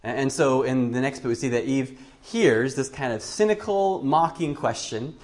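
A man's voice: medium pitch, moderate pace. A male preacher giving a Bible teaching sermon, thinking aloud with frequent restarts. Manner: thoughtful, with frequent restarts and fillers.

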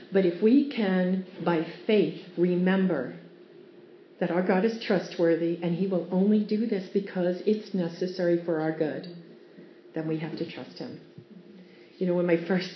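A woman with a fairly low voice gives an earnest devotional teaching and weaves in personal stories. The recording sounds roomy and a little dull, with a faint ambient hum behind her. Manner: earnest, warm storytelling with laughs. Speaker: Bible teacher.

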